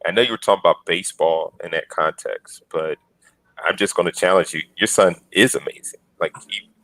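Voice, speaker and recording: A man's voice: low-pitched, brisk, fairly bright tone, no room sound, poor audio. A man in his forties on a podcast panel, telling earnest stories and acting out the lines he quotes. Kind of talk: casual panel discussion.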